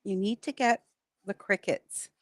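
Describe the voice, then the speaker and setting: A woman's voice: medium pitch, measured pace, no room sound, clean studio sound. A woman, chatting casually and telling a story on a podcast with friends. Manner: chatty storyteller, laughs easily. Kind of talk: casual chat.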